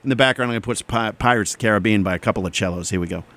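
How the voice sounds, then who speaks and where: A man's voice: lowish voice, very fast, fairly bright tone. A man delivering a rambling, sarcastic comedic monologue as host, drifting between tangents and mocking voices. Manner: sarcastic, rambling, mocks others in put-on voices.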